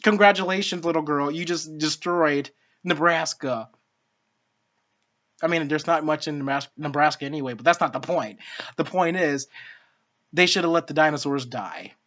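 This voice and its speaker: A woman's voice: sits low, moderate pace, fairly bright tone. A woman giving a casual spoken film review, ranting in an exasperated, profane way. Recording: dull lo-fi sound.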